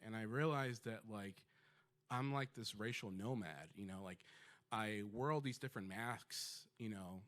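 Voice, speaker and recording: Chatty male storyteller full of fillers. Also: medium pitch. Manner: conversational, lively, with many fillers. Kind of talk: live personal storytelling. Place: storytelling stage before an audience.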